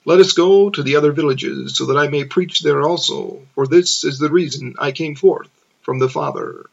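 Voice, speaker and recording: A calm, authoritative male teacher speaks in measured, steady tones, as a man reading scripture voices him. The voice sits a little high, with a gravelly texture. The recording sounds dull and lo-fi. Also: full character voice. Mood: solemn.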